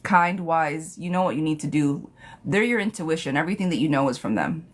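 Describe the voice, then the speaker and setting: A woman's voice: low voice, expressive, fairly quick. A young woman reading tarot on a live stream, casual and sassy, who laughs often and swears freely.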